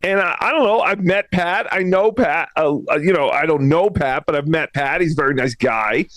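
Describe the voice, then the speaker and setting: A man's voice: a little high, normal speed, a bit bright, dry recording, natural voice. A man voicing a chatty, agreeable male puppet guest on a casual talk stream, chuckling along. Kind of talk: casual chat.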